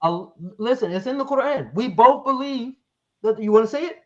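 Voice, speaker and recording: A man's voice: very high-pitched, expressive, normal speed, dull audio. A man debating over a live stream, pressing his point with leading questions and reading verses aloud.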